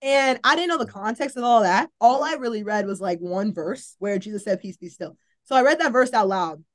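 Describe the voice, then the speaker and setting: A woman's voice: fairly high pitch, fairly quick. Earnest young woman sharing her testimony. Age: young adult. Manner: earnest, heavy use of "like", acts out her own past thoughts. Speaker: college volleyball player, podcast guest. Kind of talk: casual personal testimony.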